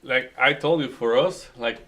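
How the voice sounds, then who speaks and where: A man chats casually while hosting his stream. His voice is bright and forward, and his speech comes in halting bursts full of fillers. He sits at a middle pitch for a man. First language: Spanish. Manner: halting, many fillers and restarts. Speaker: day trading stream host. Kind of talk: casual chat.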